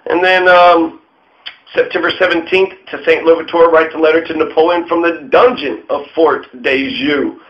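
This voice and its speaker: A man's voice: a little high, flat delivery, normal speed. Irreverent man with lo-fi sound. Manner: irreverent, swears often, mocking asides. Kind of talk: profane casual history monologue. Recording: dull lo-fi sound.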